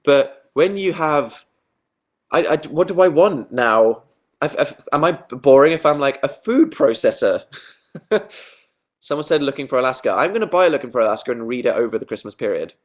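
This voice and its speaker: A man's voice: medium pitch, expressive, moderate pace. A young man chatting casually on a livestream, reading out viewer comments with self-mocking asides. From Britain. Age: young adult. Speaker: livestream host.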